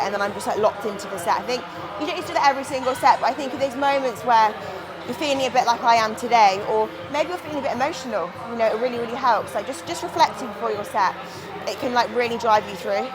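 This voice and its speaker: Young woman, casual and candid gym vlogger, a touch high, music track playing under her. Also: quick pace, crowd noise, poor audio. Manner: chatty, candid, swears casually. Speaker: bodybuilding competitor. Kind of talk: casual gym vlog talk.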